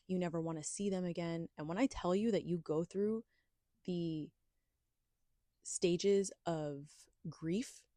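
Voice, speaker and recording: Woman, podcast host, candid storytelling, low pitch, dry sound. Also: dark tone, dry recording. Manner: candid, confiding, emphatic. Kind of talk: personal storytelling monologue.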